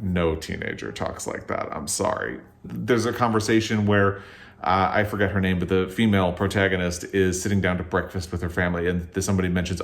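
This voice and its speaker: A man's voice: low-pitched, steady tone, brisk, a bit bright. A man hosting his own channel, giving a casual, exasperated and emphatic rant while reviewing books at home. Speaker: book reviewer and channel host. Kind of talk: casual opinionated book review. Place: at home on a couch.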